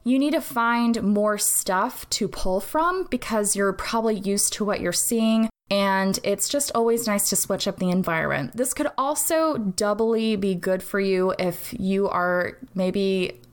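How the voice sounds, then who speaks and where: A woman's voice: mid-range voice, a little slow, few pauses. A woman hosting a casual solo podcast, giving advice with sarcastic jokes, swearing and playful asides. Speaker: podcast host.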